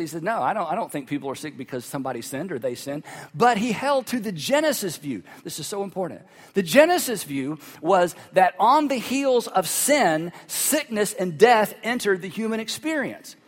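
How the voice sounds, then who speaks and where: A man's voice: high-pitched, long reverb tail. A man preaching a sermon, telling the story with animation, repeating key phrases and acting out the voices of the people in it. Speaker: pastor.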